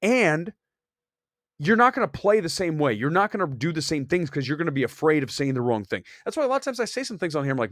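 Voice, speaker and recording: A man hosting a live movie talk show, opinionated and animated, talking fast and reacting to chat comments. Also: on the high side, no room sound, studio quality. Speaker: host. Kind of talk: casual live-stream film chat.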